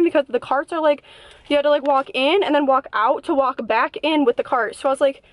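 A woman's voice: sits high, fairly even intonation, fairly quick. A young woman, a mother, telling a rambling, chatty story to her camera from inside her car, saying "like" constantly. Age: young adult. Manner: rambling, chatty, heavy use of "like". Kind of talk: casual vlog storytelling.

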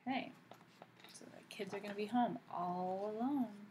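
A woman teacher reading a picture book aloud to children, pausing gently to ask them questions. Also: medium pitch, a little hiss or hum.

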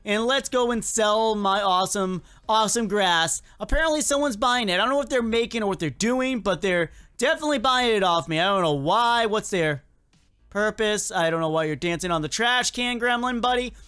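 A gaming video creator gives brisk, excitable play-by-play commentary in a clean tone, casually chatting with the game's characters. They laugh often, and their pitch rises and falls a lot.

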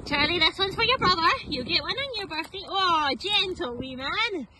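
High-voiced Scottish woman cooing at dogs. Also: expressive, moderate pace, few pauses. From Scotland. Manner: cheerful, coos and baby-talks to the dogs. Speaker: professional dog walker. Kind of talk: outdoor vlog chat with dogs. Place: outdoors in a park or woods. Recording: noisy outdoor recording. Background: dogs barking, outdoor ambience.

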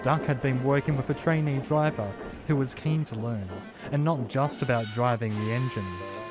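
A man's voice: mid-range voice, normal speed. Man narrating a storybook over music. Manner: calm, steady storytelling.

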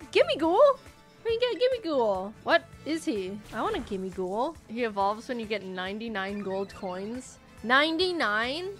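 Young woman, gaming commentary, excitable, higher voice, faint background music. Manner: excitable, squeals high at cute creatures. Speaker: gaming YouTuber. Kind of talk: playing a video game with commentary. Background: faint game music.

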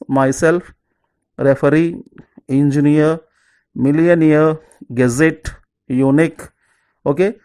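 Teacher drilling word lists. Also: darkish tone. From southern India. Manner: repetitive, drills word lists, says each example word slowly and lower. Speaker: English teacher. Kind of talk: exam-prep grammar lesson.

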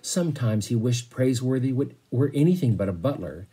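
A man reading a children's novel aloud to a class in a steady, measured storytelling manner. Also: medium pitch, slightly rough. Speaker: teacher's guest reader.

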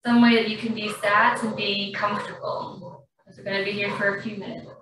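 A woman, a yoga instructor calmly guiding a class through slow breathing in a studio. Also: medium pitch. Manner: slow, calm, even-toned guidance. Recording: very echoey room, far from mic, faint noise.

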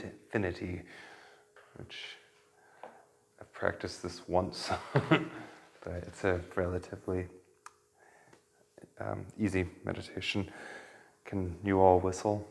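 A man with a somewhat low voice leads a kundalini yoga class. He talks his students through breathing in a relaxed, gentle way, with an easy sense of humor. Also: a little slow, creaky, long pauses. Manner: relaxed, gentle instruction with light laughter. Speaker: yoga teacher.

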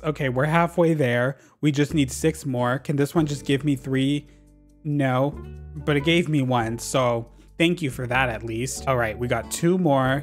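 A young man giving sassy, dramatic commentary over his gameplay and talking back to the characters on screen. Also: fairly high pitch. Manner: sassy, dramatic, quick asides to the game characters. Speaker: gaming YouTuber.

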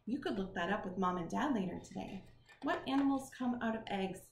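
A woman reading a picture book to children and asking them questions in an animated way. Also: medium pitch, brisk. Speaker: children's storytime host. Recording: roomy with faint noise.

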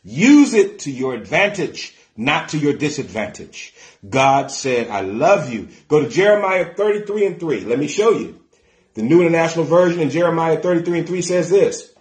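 A middle-aged man preaching a sermon as pastor, plain-spoken and colloquial, getting excited and breaking into bits of gospel song. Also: a little high, normal speed, roomy sound. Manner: excitable, shouts and sings snatches of gospel songs.

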